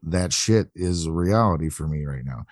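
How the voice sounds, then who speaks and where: Deep-voiced earnest man co-hosting. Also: animated, normal speed, dry recording, studio quality. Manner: earnest, reflective, speaks from personal recovery. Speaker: podcast co-host. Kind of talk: conversational interview.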